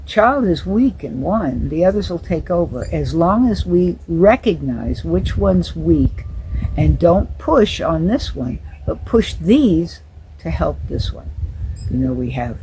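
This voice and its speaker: A woman's voice: lowish voice, very animated, takes it slowly, warm tone, slight background noise, low-quality recording. An older woman, a retired teacher, talks through her thoughts in an earnest, musing monologue and often stops to repeat a word. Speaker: retired special education teacher. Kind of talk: reflective monologue.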